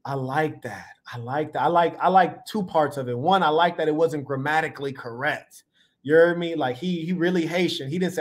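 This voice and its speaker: A man hosting a live reaction stream with casual commentary. He speaks in a slightly high voice and keeps things loose and playful with plenty of slang. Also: fairly quick. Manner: laid-back, playful, slang-heavy. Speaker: livestream host.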